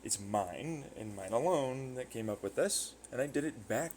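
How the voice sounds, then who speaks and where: An American man from Arizona rambles through a casual monologue, leaning on fillers and jumping from one idea to the next. His pitch sits mid-range, and faint noise runs under the recording. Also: expressive, moderate pace, few pauses, a little mellow. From Arizona, United States. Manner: rambling, full of fillers, jumps between ideas. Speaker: vlogger.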